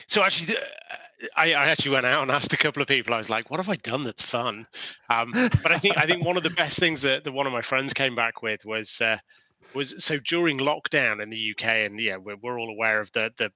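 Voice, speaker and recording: Bright-voiced British man on a call. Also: mid-range voice, no echo, low-quality recording. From England. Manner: hesitant, many fillers and restarts. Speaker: podcast guest, sales director. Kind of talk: casual interview chat. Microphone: video call.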